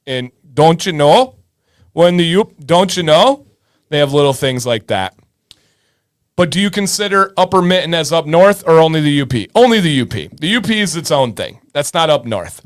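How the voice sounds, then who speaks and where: A man from Michigan in his thirties hosts a casual livestream. He chats loosely and answers viewers by name, and his speaking voice sits slightly high for a man. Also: clean tone. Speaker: livestream host. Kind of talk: casual livestream chat reading viewer comments.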